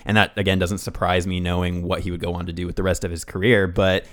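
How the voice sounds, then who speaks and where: A man's voice: low voice, flat delivery, fast talker, a bit bright. A man co-hosting a casual podcast, reading film facts and riffing on them with loose, rambling asides. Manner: rambling, reads facts then riffs, swears. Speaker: podcast co-host.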